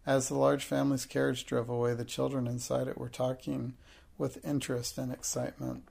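This is audiobook narration: a man reads a children's novel aloud at a steady, measured pace. His mid-range voice is gravelly, and his delivery stays level with little rise and fall.

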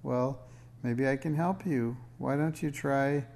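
A man's voice: medium pitch, slow, vocal fry, darkish tone. A man reading aloud, voicing a flighty water spirit with a breezy, dismissive manner in a storybook.

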